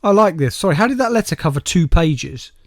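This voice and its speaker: Male co-host, slightly high voice, close dry sound, wry quips. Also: expressive, dry recording. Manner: dry, wry interjections and quick questions. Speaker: podcast co-host. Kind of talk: casual comedic podcast chat.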